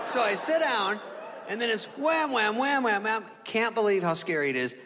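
A male stand-up comedian tells a story, and his voice jumps high and panicky when he acts himself out. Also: lively intonation, moderate pace. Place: comedy club stage before an audience. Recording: live from a hall with crowd noise. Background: audience laughter.

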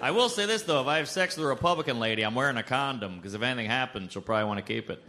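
A man's voice: mid-range voice, animated, sharp tone. Brash man doing stand-up, noisy room. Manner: punchy, brash delivery with quick asides. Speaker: stand-up comedian. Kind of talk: stand-up comedy set. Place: comedy club stage with audience.

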